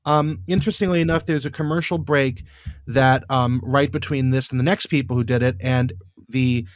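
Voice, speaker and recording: A man's voice: mid-range voice, steady tone, moderate pace, no echo, clean studio sound. Exasperated man ranting with lots of fillers. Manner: exasperated, rambling, many fillers. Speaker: podcast co-host. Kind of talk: casual recap chat.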